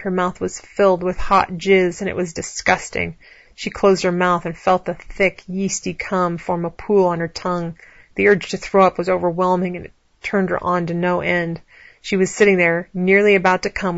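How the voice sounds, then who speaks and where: Brief: woman reading an erotic story, even and flat, close and dry. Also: fairly low pitch, no room sound, highs cut off. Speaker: narrator.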